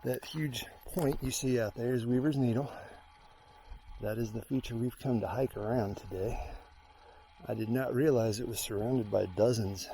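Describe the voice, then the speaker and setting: A man's voice: medium pitch, moderate pace, gravelly, mellow. A young man from the US Midwest, narrating a trail hike for his viewers, chatty and openly awed by the scenery. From Indiana, US Midwest. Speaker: hiking vlogger. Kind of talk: casual narration while hiking. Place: outdoors on a mountain trail.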